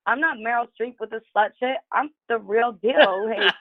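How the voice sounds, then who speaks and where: Profane, gravelly-voiced woman guest. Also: a little high, normal speed, no room sound, narrow, tinny audio. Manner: candid, profane, storytelling with many fillers. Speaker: podcast guest. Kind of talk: casual chat.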